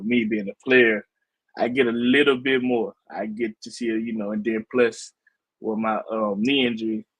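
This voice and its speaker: A man's voice: fairly low pitch, a bit bright, slightly rough, no echo, rough recording. A man speaking casually as a guest over a video call, easygoing, with frequent "you know"s. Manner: laid-back, easygoing, lots of "you know". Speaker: football player and podcaster guest. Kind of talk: casual interview chat.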